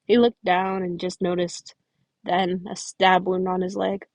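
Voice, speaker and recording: This podfic reader reads fan fiction aloud into a close home mic, stumbling and restarting phrases and breaking away for chatty remarks. Her lowish voice has little pitch movement, a normal pace and a slightly mellow tone. The audio is dull and completely dry, with no room echo.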